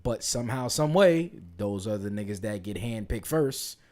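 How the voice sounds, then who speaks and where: A man co-hosting a relaxed podcast, speaking bluntly and with emphasis. He often talks over the others to get his point across. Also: fairly low pitch, moderate pace. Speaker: podcast co-host. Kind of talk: casual debate chat.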